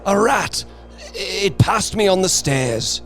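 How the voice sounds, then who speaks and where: A terrified old man speaks in hoarse, trembling tones, as the narrator acts him out, his voice pushed up high with fear. He sounds shaken and pleading in a dramatic storybook reading, with faint music underneath. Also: sing-song, unhurried, exaggerated voice. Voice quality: shaking, hoarse.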